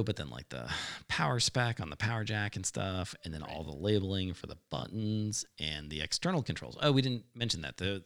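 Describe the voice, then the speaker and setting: A man co-hosting a casual talk show, telling a rambling workshop story with lots of fillers and frequent laughs. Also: deep voice. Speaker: podcast co-host.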